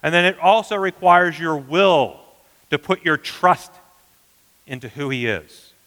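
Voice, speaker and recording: A man preaching a sermon as pastor, earnest, often dropping to a hushed emphasis. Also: on the high side, animated, a little slow, long reverb tail, low-quality recording.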